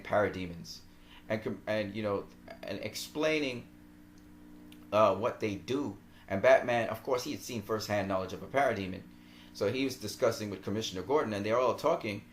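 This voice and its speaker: A man giving casual film commentary in an animated, rambling way and laughing often. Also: lowish voice, slight background noise. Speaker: movie vlogger.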